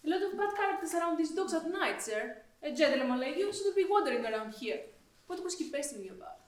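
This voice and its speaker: A woman playing a dry, offhand police officer, a man who shrugs off oddities, with a high voice. The sound is echoey and distant. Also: very animated, fast talker. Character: matter-of-fact male police officer. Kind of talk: amateur stage acting. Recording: echoey room, far from mic.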